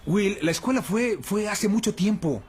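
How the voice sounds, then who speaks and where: A man's voice: high-pitched, animated, brisk, darkish tone, faint music behind. A man dubbing a sitcom character, an adult man still bitter about his school days, with a tense delivery. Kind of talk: Spanish TV sitcom dub. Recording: noisy TV dub clip.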